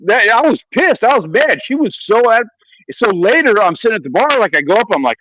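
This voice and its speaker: A man's voice: sits high, very animated, a little fast, a bit bright, lo-fi sound, slight background noise. A man co-hosting a casual chat, telling a profane story. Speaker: co-host.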